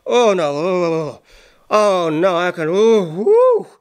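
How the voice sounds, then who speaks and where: A man's voice: sits high, huge pitch swings, takes it slowly, clear, resonant tone, exaggerated voice. A man voicing a tipsy, cheerful male festival reveller, drawn out and sing-song. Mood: boozy.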